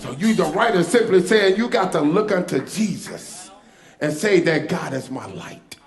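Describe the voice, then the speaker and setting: A male pastor preaching a sermon, leading the congregation in call-and-response and building to shouts. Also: high voice, animated, normal speed. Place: church sanctuary. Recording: echoey church hall with music.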